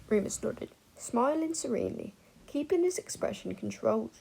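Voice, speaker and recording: A woman narrating a fan fiction audiobook in an expressive, animated way. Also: a little high, moderate pace, gravelly, slightly rough, poor audio.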